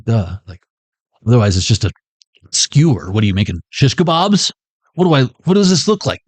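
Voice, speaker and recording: A man's voice: mid-range voice, big pitch swings, normal speed, slightly rough, no echo. A young man riffing off the cuff, rambling and joking with plenty of swearing. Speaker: tarot reader and streamer.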